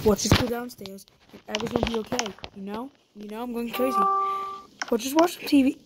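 A woman's voice: on the high side, fast talker, loud music behind the voice. A woman doing live gameplay commentary as a YouTuber, jumpy and talking to her viewers, often repeating panicked no's. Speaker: YouTuber playing a roleplay game.

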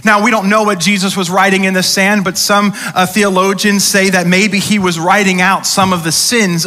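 Male pastor mid-sermon, conversational preacher who acts out quoted voices, bright forceful tone, slightly high. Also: level tone, normal speed, few pauses. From United States. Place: large church auditorium. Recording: church hall reverb.

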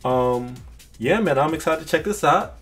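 Slangy excitable guy reacting to music. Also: a little high, normal speed, breathy edge. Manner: excitable, slangy, laughs a lot. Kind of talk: casual reaction commentary. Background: music track playing.

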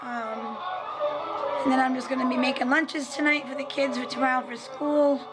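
A woman with a slightly hoarse voice, chatting casually to a handheld camera in a family vlog. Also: sits high, flat delivery, normal speed, loud music behind the voice. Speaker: family vlogger.

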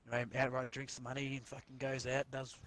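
A man's voice: mid-range voice, monotone, fast, a bit bright, a little hiss or hum. A man telling a crude joke over voice chat while gaming, rambling and swearing freely.

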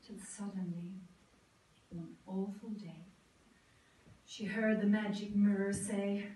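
Theatrical woman storyteller, slow and very expressive; distant, reverberant room sound. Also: medium pitch. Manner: theatrical, lively. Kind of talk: recited comic verse. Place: large drawing room. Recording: echoey room from far off.

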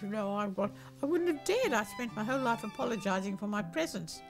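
Older woman, ex-pilot, animated storyteller, mid-pitched voice, soft music underneath. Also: moderate pace, rough recording. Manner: lively storyteller, acts out voices, laughs often. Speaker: former wartime ferry pilot. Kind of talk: documentary interview recollection.

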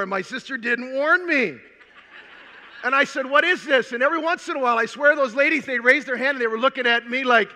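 An older man from Minnesota, USA, speaks from a conference stage in a large hall, telling a personal story in an animated, humorous way. His voice is very high and strikingly bright, and a long reverb trails behind each phrase.

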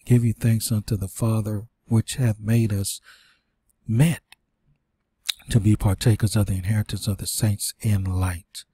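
Man, informal Bible teacher reading verses, dark husky tone, a bit winded. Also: on the low side, level tone, measured pace, dry recording, studio quality. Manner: reads scripture aloud with fillers and restarts, preaching asides. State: short of breath. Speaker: preacher.

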